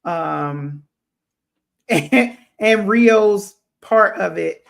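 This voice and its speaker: High gravelly guy rambling through a casual podcast chat, lots of ums. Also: animated, extremely slow. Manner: rambling, many fillers and restarts. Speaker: podcast co-host.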